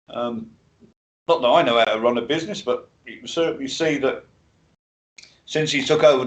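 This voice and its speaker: A man co-hosting a live stream, chatting in a laid-back way with casual swearing and hesitant starts. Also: medium pitch. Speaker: co-host of a live stream chat show.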